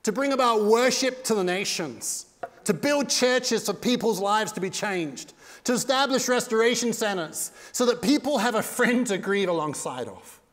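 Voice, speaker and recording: Pastor guy preaching hard, highish voice, goes loud then real quiet, big church echo. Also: expressive, moderate pace. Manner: impassioned preaching that swings from loud to hushed. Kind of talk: sermon. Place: church sanctuary. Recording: long reverb of a church hall.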